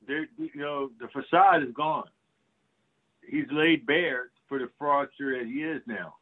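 A man co-hosting a political talk show, excitable and profane, talking emphatically. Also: on the high side, unhurried. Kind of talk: casual political commentary. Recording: tinny phone-like line.

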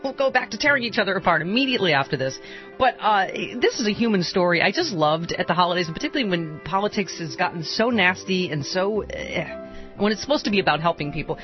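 A woman's voice: lowish voice, lively intonation, quick pace, dull audio, faint music behind. A woman hosting a radio talk show, chatty and emotional, laughing often. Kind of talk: casual radio chat.

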